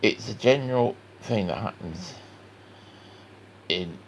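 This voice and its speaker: A man's voice: fairly low pitch, expressive, takes it slowly, a little hiss or hum. A man with a West Country accent, chatting in a rambling, folksy way to the viewer while he draws. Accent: West Country English. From West Country of England. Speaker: cartoon artist. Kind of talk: chatty drawing tutorial.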